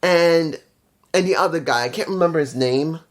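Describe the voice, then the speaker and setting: A man's voice: a little high, normal speed. A man giving a casual, opinionated review in a blunt, profane way, often repeating phrases for emphasis. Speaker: wrestling show reviewer.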